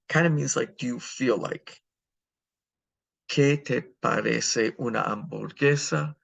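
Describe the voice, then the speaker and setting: A middle-aged man teaching a recorded Spanish lesson in a relaxed, halting way with many fillers. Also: mid-range voice, gravelly. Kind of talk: recorded language lecture.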